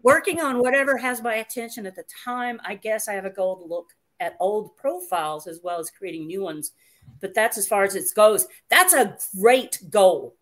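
A woman's voice: mid-range voice, a little fast. A woman hosting a casual livestream chat, reading viewer comments aloud in a chatty, playful way.

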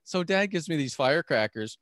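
Animated man telling a story, dry sound. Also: a little high, a little fast, dry recording. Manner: animated, laughs often, acts out quoted voices. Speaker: podcast guest. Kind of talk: storytelling in a casual interview.

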